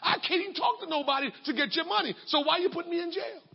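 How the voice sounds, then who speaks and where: A man's voice: very high-pitched, quick pace, creaky, lo-fi sound, pitched above the performer's own voice. A man voicing an exasperated male debtor who pleads from jail in a whiny voice. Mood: pleading.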